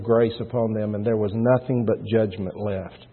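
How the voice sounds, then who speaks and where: Preacher over tinny radio. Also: male voice, fairly low pitch, fairly even intonation, moderate pace, few pauses, slightly rough. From Texas panhandle. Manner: earnest storytelling with rising emphatic preaching. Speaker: pastor. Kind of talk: sermon. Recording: tinny radio broadcast with long reverb.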